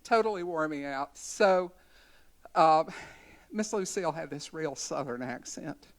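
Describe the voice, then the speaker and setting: A woman's voice: low voice, animated, unhurried. Woman in her sixties telling a story. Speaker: community educator. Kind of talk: storytelling speech at a symposium. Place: college conference center.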